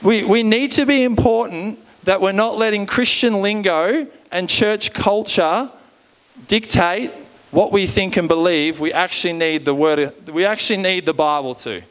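A man in his thirties preaches with a fairly high voice. His tone stays smooth and clear, and he drives his sermon with bursts of energy and repeated rallying calls. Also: unhurried, a bit bright. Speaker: pastor. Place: church stage.

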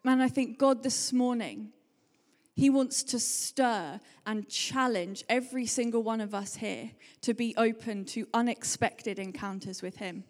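Chatty woman preaching in a reverberant hall. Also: fairly high pitch. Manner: chatty, animated storytelling, fast bursts. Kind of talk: sermon.

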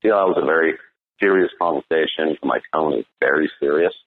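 A man's voice: rumbling low, fast talker. A man coaching on dating in a blunt, profane monologue, asking "right?" as he goes. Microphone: phone. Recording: tinny phone line.

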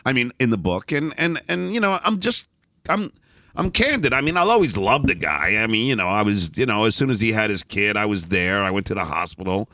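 A middle-aged man as an interview guest, telling candid stories in a blunt, animated way, often restarting and repeating words. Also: fairly low pitch, a little fast, no room sound, clean studio sound. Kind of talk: candid storytelling in a conversation.

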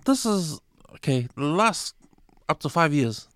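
A man co-hosting a podcast in casual chat, speaking haltingly with many restarts and ready laughter. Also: a little high, big pitch swings, a bit bright, clean tone, dry recording. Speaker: podcast co-host.

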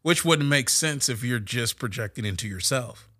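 A man co-hosting a faith-based podcast, an animated storyteller who gets loud and high when excited. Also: moderate pace, dry recording, studio quality. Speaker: podcast co-host. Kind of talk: casual faith-based discussion.

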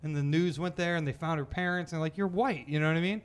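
A man in casual, profane chat with friends, animated and laughing often. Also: a little high, fast, clear, resonant tone.

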